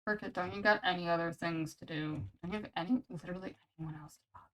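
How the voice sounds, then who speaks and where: A woman on a casual live stream, talking to her viewers while she draws. She rambles from one thought to the next, reacting with quick laughs and over-the-top outbursts. She drops "bro", "dude" and "man" into almost every sentence. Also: on the low side, fairly bright tone, rough recording. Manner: rambling and chatty, says "bro" and "man" constantly. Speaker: streamer drawing commissions.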